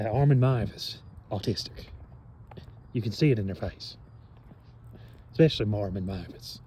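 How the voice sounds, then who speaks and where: A man talking in a rambling, meandering monologue, cursing often and filling gaps with pauses and fillers. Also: on the low side, background noise. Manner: meandering, profane, many fillers and trailing pauses.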